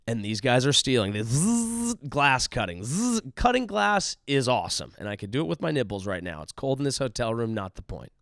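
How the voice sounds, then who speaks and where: A man's voice: on the high side, dry recording, studio quality. A male comedian hosting his own show, telling a profane, riffing story as a monologue from a hotel room. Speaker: comedian host.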